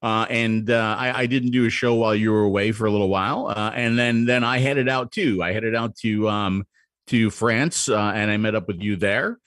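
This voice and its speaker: A man's voice: lowish voice, steady tone, normal speed, a bit bright, dry recording. A man co-hosting a casual live-stream show, teasing his partner in playful banter. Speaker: co-host.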